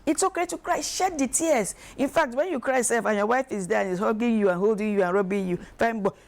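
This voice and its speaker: A woman, speaking as an expert guest on a talk show, emphatic and animated, acting out quoted voices. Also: mid-range voice, brisk. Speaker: guest expert on emotional wellbeing. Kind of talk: studio talk show discussion.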